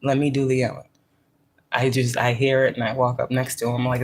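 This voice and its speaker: A woman's voice: extremely low pitch, flat delivery, brisk, a little mellow, a little hiss or hum. A woman giving a casual spiritual pep talk, cursing freely and talking with emphasis. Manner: profane and emphatic, acting out quoted voices. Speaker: spiritual teacher; workplace manager.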